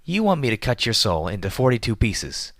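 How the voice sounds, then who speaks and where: A man's voice: fairly low pitch, big pitch swings, fairly quick, fairly bright tone, no room sound, studio quality, voice pushed up, exaggerated voice. A man voicing a timid young male unicorn magician who stammers anxiously. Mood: nervous.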